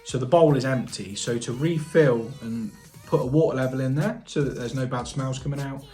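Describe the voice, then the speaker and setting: A man's voice: mid-range voice, normal speed, warm tone, soft background music. A British man, a plumber and channel host, chatting casually in a reaction vlog, thinking aloud and asking viewers questions. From United Kingdom.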